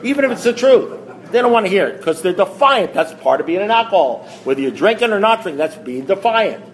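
At a meeting, a man with a high voice shares his recovery story at a quick pace. He tells it in an animated, self-mocking way, leaning on emphatic repetition.

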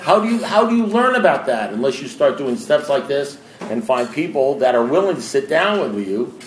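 In an echoey room with faint background noise, a man gives an informal talk to a recovery group at a normal speed. His mid-range voice has a sing-song quality, and he speaks plainly and bluntly, often asking listeners direct questions.

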